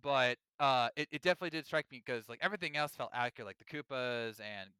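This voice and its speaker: A man co-hosting a podcast, talking in casual chat with animated, emphatic ranting. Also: medium pitch, fast, clean tone, no echo. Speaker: podcast co-host.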